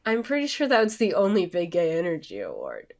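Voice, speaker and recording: A woman's voice: on the low side, wildly swooping pitch, brisk, a little mellow. A woman co-hosting a casual recap podcast, chiming in with short remarks. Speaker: podcast co-host.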